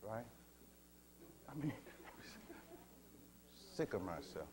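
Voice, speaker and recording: A man giving a spiritual teaching talk, slow and measured, asking his listeners rhetorical questions and calling them beloved. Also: fairly low pitch, sing-song, darkish tone, slight background noise.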